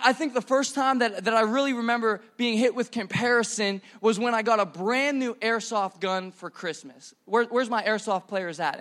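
A man's voice: extremely high pitch, a bit bright. A young man preaching a sermon in a church, casual and slangy, often repeating words as he starts a sentence.

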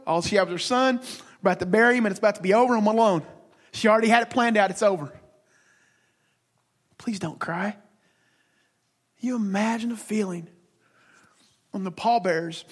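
A man preaching a sermon as pastor, emphatic and repetitive, swinging between loud declarations and hushed, whispered lines. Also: high-pitched.

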